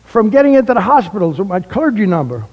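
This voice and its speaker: A man, a retired pastor telling a personal testimony, animated and acting out the dialogue in his story. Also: sits high, fast, husky, dull audio. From the Bronx, New York. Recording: echoey hall.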